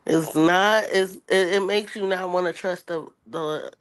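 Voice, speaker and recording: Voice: medium pitch, fairly even intonation, a little slow, no echo. A co-host speaking in a reflective, hesitant way during a casual discussion, often restarting sentences.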